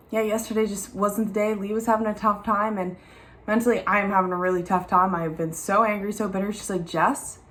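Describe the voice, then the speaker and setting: A young mother chatting candidly to camera at home. She talks in a lively, unfiltered way and her voice sits at an ordinary medium pitch. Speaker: mom vlogger. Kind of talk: casual talk to camera. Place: at home, in the garden.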